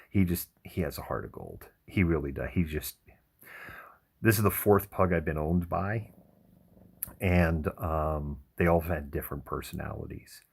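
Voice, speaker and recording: A man hosting a livestream, telling rambling stories in a relaxed chat with frequent chuckles. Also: rumbling low, vocal fry, husky. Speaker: livestream host. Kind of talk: casual chat.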